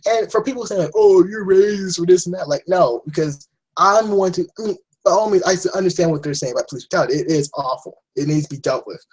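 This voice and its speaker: A young man talks straight to camera in a loose, rambling rant, blunt and full of swearing and false starts. His voice is husky and sits somewhat high. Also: fast talker, rough recording. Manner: rambling, blunt, swears often, frequent restarts. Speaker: vlogger. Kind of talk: casual opinion rant.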